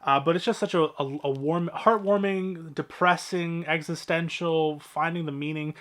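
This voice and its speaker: A man's voice: on the high side, fairly even intonation, moderate pace, a bit bright. A man casually walking through his movie collection, talking in a rambling, offhand way with lots of fillers and the odd swear.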